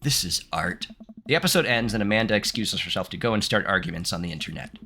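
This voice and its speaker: Playful bright-voiced man streaming a game. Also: lowish voice, expressive, fast talker, slight background noise. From United States. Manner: playful, chatty, laughs often, reads game text aloud. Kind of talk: live-streamed gameplay commentary.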